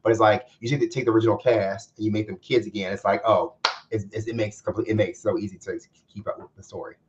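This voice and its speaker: A man co-hosting a casual chat show, quick and excitable, repeating words as he talks. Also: lowish voice, highs cut off, noisy background. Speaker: co-host.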